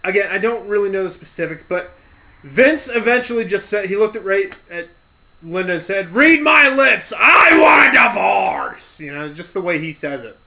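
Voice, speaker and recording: A man's voice: high voice, a little fast. A man casually ranting on a podcast, telling a story in a rambling, loose way with restarts. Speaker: podcast host. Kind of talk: casual rant. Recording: dull lo-fi audio.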